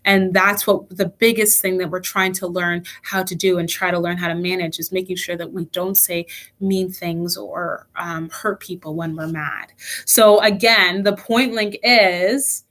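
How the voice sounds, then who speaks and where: A woman's voice: lowish voice, fairly even intonation, a little slow, fairly bright tone. A young woman leading a children's church lesson online, telling a personal story earnestly with frequent restarts.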